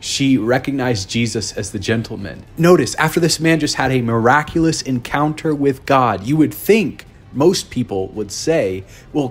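A man's voice: mid-range voice, husky. A man hosting a reaction video, earnestly exhorting the viewer directly in a preachy commentary. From United States. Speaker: host reacting to a clip.

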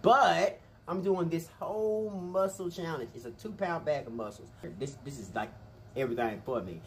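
A man hosting an eating vlog, chatting casually and very quickly with lots of energy. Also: a little high, a little hiss or hum. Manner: rapid, animated, chatty, says he talks fast. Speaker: mukbang host.

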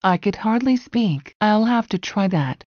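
A woman reading short English phrases aloud one at a time, in an even, deliberate way. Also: mid-range voice, no room sound, highs cut off.

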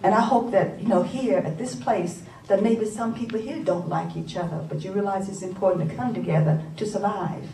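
An older woman from New York, a poet telling a story to an audience, animated and laughing, repeating phrases for emphasis. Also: mid-range voice, a little fast, few pauses. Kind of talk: live storytelling talk to an audience. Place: conference hall. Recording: roomy, from far off, faint ambience.

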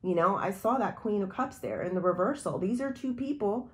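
A woman's voice: mid-range voice, expressive, a little fast. Woman tarot reader, loose intuitive monologue addressed to the viewer.

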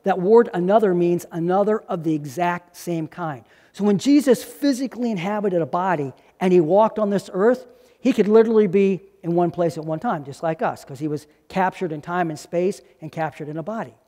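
Guy preaching a sermon, kinda high voice, lots of "right?" questions, reverby church hall. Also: brisk, dark tone. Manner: preaching with rhetorical questions and repetition. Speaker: pastor.

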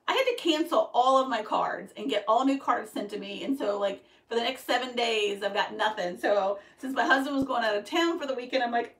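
A woman chats casually on a live stream while she works, answering viewers and laughing at herself. Her voice sits a little high. She is heard from a few feet off in an echoey room with a faint hum behind her. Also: animated, a little fast. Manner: chatty, self-deprecating, reads out viewer comments. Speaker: embroidery shop owner streaming live. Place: home craft workroom with a sewing machine running. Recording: roomy echo, distant mic, faint noise.

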